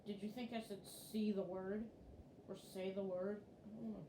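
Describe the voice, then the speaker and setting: A woman's voice: medium pitch, level tone, moderate pace. A young woman streaming a video game, chatting playfully and breaking into laughter often. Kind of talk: casual gameplay chat. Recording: echoey room with faint noise.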